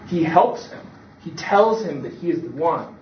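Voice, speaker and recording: A man's voice: a little high, expressive, a little slow, far from the mic, slight background noise. A man preaching a sermon in a conversational, storytelling way, acting out the quotes. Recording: echoey room, speaker away from the mic, dull sound.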